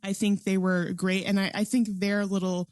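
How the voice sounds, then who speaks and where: A woman's voice: medium pitch, level tone, normal speed, a little mellow, dry recording. An enthusiastic woman co-hosts a casual podcast, reviewing a film in an easygoing, rambling way. She leans on "like" constantly and laughs often as she talks. Her voice sits in a middle range and sounds dry and close to the mic. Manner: enthusiastic, chatty, heavy use of "like"; laughs often while talking. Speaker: podcast co-host. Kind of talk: casual movie review chat.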